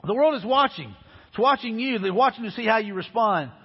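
A man's voice: high voice, lively intonation, brisk, husky. A man from Alabama preaching a sermon as pastor, earnest and conversational, repeating his points, recorded dull in a church sanctuary with a long hall echo.

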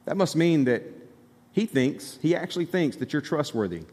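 A man's voice: fairly high pitch, animated, normal speed, a little mellow. A man from Alabama preaching a sermon as pastor, in a conversational, emphatic style with asides to the congregation. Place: church sanctuary. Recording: long hall reverb from the sanctuary.

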